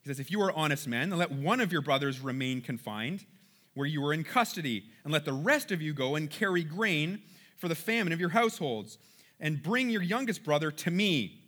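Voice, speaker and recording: A man leading a casual Bible lesson, chatty and animated, acting out the people in the story. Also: on the high side, fairly quick. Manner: chatty, animated, acts out quotes. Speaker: Bible study teacher.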